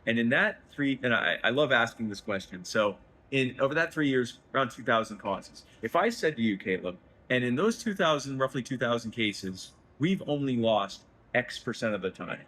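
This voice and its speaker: A man talking emotionally about his faith in a festival interview, rambling and self-deprecating, his voice leaping higher when he gets excited. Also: breathy edge, rough recording. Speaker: guest, head of a liberty organization. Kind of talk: emotional faith-filled conversation. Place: festival booth, indoors.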